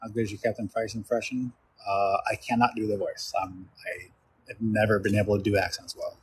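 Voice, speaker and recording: A man's voice: lowish voice, little pitch movement, brisk, slight background noise. A man reading out viewer questions and answering them in loose, rambling casual chat on a live stream.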